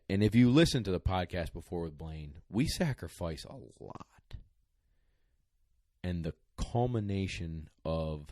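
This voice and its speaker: Very low-voiced man telling an emotional story. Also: warm tone, no echo, clean studio sound. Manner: emotional, rambling, choked up at times. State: tearing up. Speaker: podcast co-host, dog trainer. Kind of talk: casual storytelling chat.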